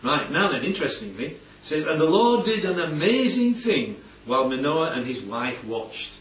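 Male preacher, chatty and animated, roomy distant recording. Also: on the high side, normal speed, dull audio. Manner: chatty, keeps asking "yeah?", playful asides. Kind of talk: informal Bible-study sermon. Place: church hall with congregation.

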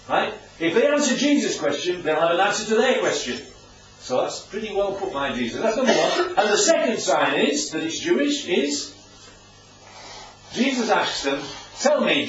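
A man teaching a Bible story to a group, chatty and often asking his listeners questions. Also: high voice. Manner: chatty, asks the audience questions. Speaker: preacher. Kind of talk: informal Bible teaching with slides. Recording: distant, echoey, dull room recording.

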